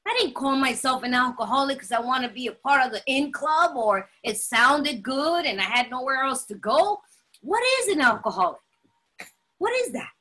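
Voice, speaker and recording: High, bright, emphatic woman. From Latin American heritage. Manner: animated, emphatic, dramatic storytelling; laughs often while talking. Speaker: recovery meeting speaker. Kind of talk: personal testimony talk.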